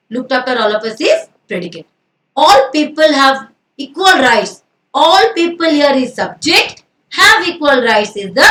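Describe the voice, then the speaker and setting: Indian woman teacher, high voice, a step back from the mic in an echoey room, quizzes and answers herself. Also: bright, forceful tone, distant mic. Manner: asks and answers own questions, mixes in Hindi. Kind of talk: grammar lesson.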